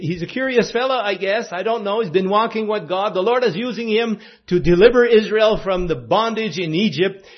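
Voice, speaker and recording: A man's voice: high voice, muffled recording. A man from French Canada giving an informal sermon, folksy and conversational, often putting questions to his listeners. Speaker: preacher.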